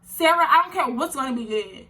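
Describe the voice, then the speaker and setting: A young woman tells a storytime vlog in a very bright, slightly high voice. She talks with animated indignation and lots of slang. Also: a little fast. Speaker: vlogger.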